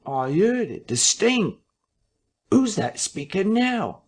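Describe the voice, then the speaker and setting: A man reading a story aloud, voicing an excitable village man who keeps asking questions. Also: high-pitched, slow, pitched above the performer's own voice, full character voice. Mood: curious.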